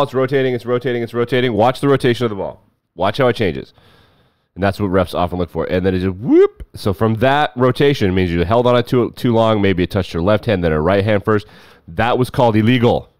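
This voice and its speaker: A man hosting casual sports commentary, sarcastic, jumping between loud bursts and low muttering. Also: expressive, brisk, no echo, clean studio sound.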